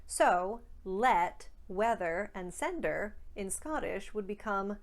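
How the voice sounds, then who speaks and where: Woman speech coach, scripted tutorial read, crisp deliberate enunciation, mid pitch. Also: expressive.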